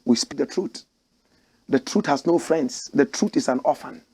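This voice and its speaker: A Ghanaian man hosts his own commentary show and delivers his views in forceful, slogan-like bursts. His voice sits a bit high, with a rough, gravelly, husky texture. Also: moderate pace. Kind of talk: opinionated political commentary.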